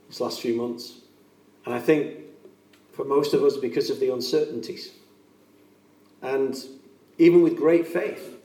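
A man's voice: medium pitch, dark tone, far from the mic. Earnest male preacher in an echoey room. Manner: earnest, emphatic, repeats key phrases. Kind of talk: sermon.

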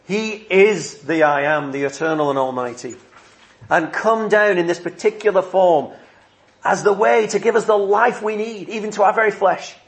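Preacher, male, slightly high voice, earnest measured sermon delivery, emphatic repetition.

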